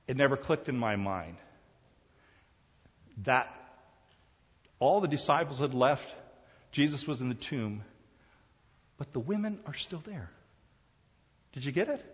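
A man's voice: medium pitch, sing-song, unhurried, long pauses, husky. A man preaching a sermon as pastor, emphatic and full of rhetorical questions. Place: large hall. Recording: dull sound in a reverberant hall.

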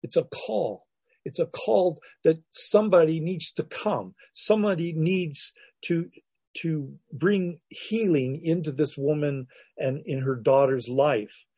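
A man preaching a sermon as a pastor, teaching verse by verse in an unhurried, reflective way with restarts and soft laughs. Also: a little high, breathy edge, dry recording.

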